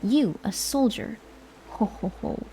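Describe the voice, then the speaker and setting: A woman's voice: medium pitch, animated, slow, mellow, a little hiss or hum. A woman voicing an invisible, mocking male fairy spirit that laughs and taunts, as a whispered role-play. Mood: taunting.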